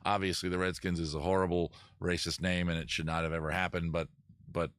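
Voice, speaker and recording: Fielding viewer chat on a casual live stream, this Maryland host rambles, jokes, and fixes his words mid-sentence. He has a low, level voice that's fairly quick and a bit bright, captured in a dry recording.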